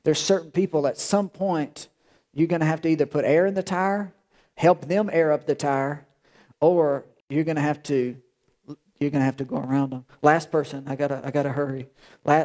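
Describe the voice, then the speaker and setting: A man's voice: fairly high pitch, a little mellow. A male pastor preaching a sermon in an emphatic, repetitive way, often restarting his phrases.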